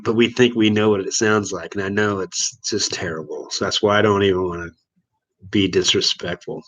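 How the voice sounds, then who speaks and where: A man from Missouri hosting a casual live stream. His voice sits a little low, and he rambles along easily and chuckles as he reads and answers viewer comments. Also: fairly even intonation, normal speed, fairly bright tone, rough recording. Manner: laid-back, rambling, chuckles often. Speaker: livestream host.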